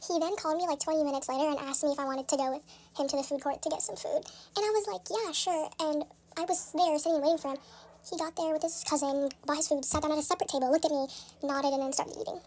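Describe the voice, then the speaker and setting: A young woman telling a casual storytime into a phone, in a soft, dry, matter-of-fact way. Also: high voice, steady tone, fast talker.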